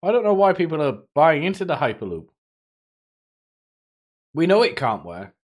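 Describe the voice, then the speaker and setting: A man's voice: on the high side, very animated, normal speed. A man streaming live, chatting casually with viewers in a rambling, profane way, often laughing to himself.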